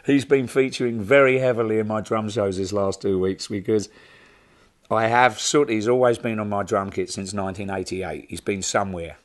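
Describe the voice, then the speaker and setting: An older man telling an animated, laughing anecdote as an interview guest. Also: fairly low pitch, normal speed. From London. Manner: animated, laughing, acts out other people's voices. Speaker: interview guest, rock drummer. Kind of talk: anecdotal storytelling.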